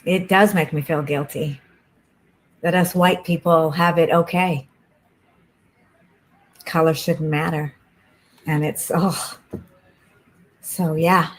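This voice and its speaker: A woman with a very low voice talks slowly during a card reading. She sounds soft and hesitant, and her sentences are full of fillers. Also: fairly even intonation, low-quality recording. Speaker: guest being read for. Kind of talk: casual chat.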